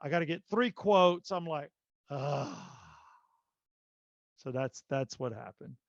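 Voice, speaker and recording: A man hosting a podcast, telling a long story in a casual, animated way with lots of fillers. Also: fairly high pitch, moderate pace, no room sound, dull audio. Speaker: podcast host.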